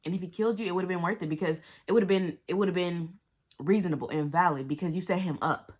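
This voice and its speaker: Woman book vlogger with a low voice: casual, slangy, and cusses freely with big reactions. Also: fast. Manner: animated, blunt and profane, with exaggerated reactions; talks to herself and the viewers with slang. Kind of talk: casual book review chat.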